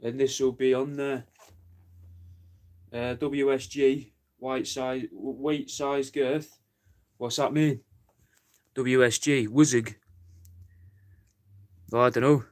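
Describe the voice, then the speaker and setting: A man's voice: mid-range voice, fairly even intonation, takes it slowly, pauses often, a little mellow. A man in casual livestream chat, rambling, joking and swearing while he lists crafts for sale.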